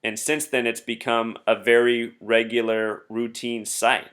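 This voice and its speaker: A man's voice: mid-range voice, little pitch movement, measured pace, fairly bright tone, smooth. A man hosting a solo commentary video, earnestly explaining number codes and reading out quotes. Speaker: conspiracy video host.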